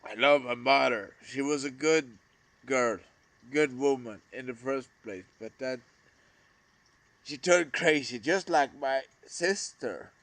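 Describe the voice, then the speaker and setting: A man in a halting, emotional monologue to camera, often trailing off mid-sentence. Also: mid-range voice, a bit bright, no room sound. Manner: halting, trailing off, addressing a lost brother. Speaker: vlogger.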